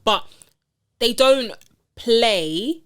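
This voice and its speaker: Young woman, podcast co-host, chatty and animated, casual storytelling. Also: a little high, extremely slow, smooth. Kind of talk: casual chat.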